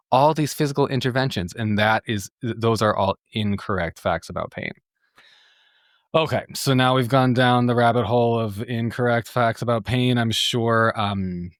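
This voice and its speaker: A man with a lowish voice hosts a solo podcast in a loose, chatty way. He talks candidly, leans on filler words and swears now and then. The sound is dry and close. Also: dry recording. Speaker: therapist and podcast host. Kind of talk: casual solo podcast talk.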